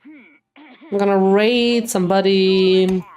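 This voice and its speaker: A woman's voice: mid-range voice, fairly even intonation, slow, darkish tone. A young adult woman streaming a game live, reading the dialogue aloud and reacting emotionally between lines.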